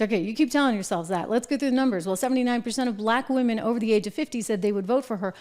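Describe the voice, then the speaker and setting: Sarcastic middle-aged woman doing political commentary, kinda high voice, animated and mocking. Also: fast.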